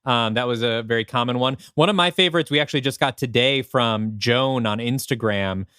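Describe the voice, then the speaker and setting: A man's voice: mid-range voice, a little fast, sharp tone, clear, resonant tone, dry recording, studio quality. A young man co-hosting a podcast, laid-back and joking, laughing easily. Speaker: podcast co-host. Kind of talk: casual podcast chat.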